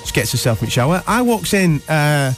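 A man's voice: a little high, very animated, a little fast, soft background music. A man hosting a breakfast radio show, telling jokey stories in casual banter. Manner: chatty, jokey storyteller. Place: radio studio.

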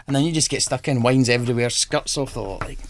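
A man's voice: mid-range voice, steady tone, fast talker, slight background noise. A man co-hosting a radio show, joking and rambling in casual chat. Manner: joking, rambling, does silly voices. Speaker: radio co-host.

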